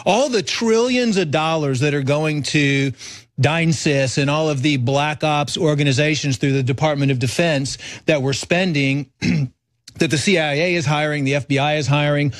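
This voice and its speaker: A man speaking as a guest on a talk show, earnestly listing complaints in quick succession. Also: fairly high pitch, no echo, clean studio sound.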